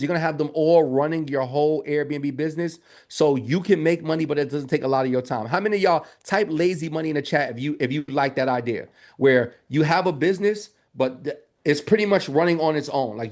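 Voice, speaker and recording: A man coaching viewers in casual livestream talk, animated and calling to the chat. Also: fairly high pitch. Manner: animated, talks straight to the chat with lots of y'all. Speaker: Airbnb business coach. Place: home office.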